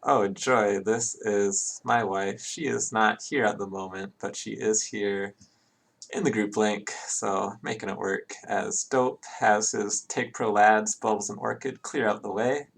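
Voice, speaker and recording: Guy calling an online game live, gravelly voice, laid back chatty play by play. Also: fairly low pitch, fairly even intonation, a little slow. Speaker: esports commentator.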